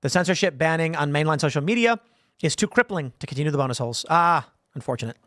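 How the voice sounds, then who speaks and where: A man's voice: fairly high pitch, lively intonation, fast, dry recording, clean studio sound. A man hosting a livestream show, rambling through viewer comments and joking asides in a casual way. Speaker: host.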